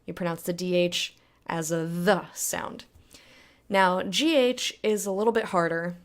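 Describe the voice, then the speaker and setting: A woman's voice: lowish voice, steady tone, measured pace. A woman giving a casual, rambling spoken lesson on pronunciation, chatty and full of fillers. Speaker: language tutor.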